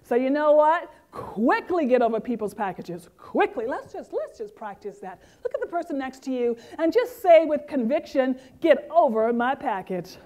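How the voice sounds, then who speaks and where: High-voiced woman giving a lively keynote. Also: moderate pace, few pauses. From Caribbean. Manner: lively, interactive, talks to the audience directly. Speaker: keynote speaker. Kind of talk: motivational keynote speech.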